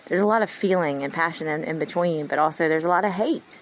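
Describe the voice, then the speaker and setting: A woman's voice: deep voice, quick pace, a little hiss or hum, low-quality recording. A woman in her thirties talking in a rambling, earnest personal monologue to her followers. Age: 30s. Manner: meandering, earnest, heartfelt. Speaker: vlogger.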